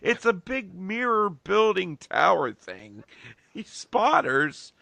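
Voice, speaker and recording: A man hosting a casual podcast chat, loose and profane, tossing out quick questions. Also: high voice, big pitch swings, creaky, sharp tone, no room sound. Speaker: podcast host.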